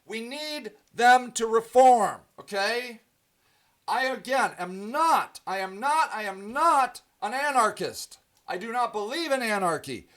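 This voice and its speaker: A man with a high-pitched voice hosts a livestream and rants to his viewers. He is angry and swears often, breaking off into ums and restarts as he answers their comments. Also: animated, a little slow, a bit bright. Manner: profane, angry and emphatic, with frequent ums and restarts. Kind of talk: ranting livestream monologue.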